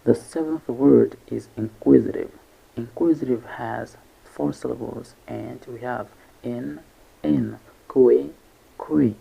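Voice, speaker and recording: A man teaching English vocabulary, breaking each word into syllables slowly and carefully. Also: medium pitch, creaky, slightly rough, narrow, tinny audio. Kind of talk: vocabulary lesson narration.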